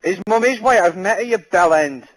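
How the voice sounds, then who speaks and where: A man on a headset in game party chat, loud and laughing, teasing his mates crudely. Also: sits high, expressive, moderate pace, poor audio. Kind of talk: casual gaming banter.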